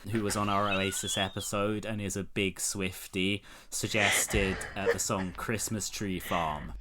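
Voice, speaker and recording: A man's voice: lowish voice, little pitch movement, a little slow, noisy background. A man from England hosting a podcast in casual chat, sweary and joking, laughing often. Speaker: podcast host.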